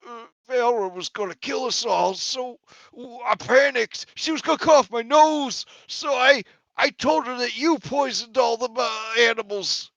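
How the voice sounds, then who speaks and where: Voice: medium pitch, measured pace, a bit bright, no room sound, voice pushed up. A game master voicing a nervous male guard who stammers out a guilty confession. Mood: guilty panic.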